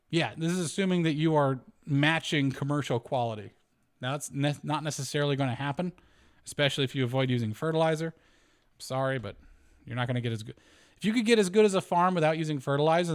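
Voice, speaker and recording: A man hosting a homesteading channel, talking casually through a spreadsheet as he works out numbers aloud, correcting himself, chuckling, and letting his voice swing up and down. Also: a little high.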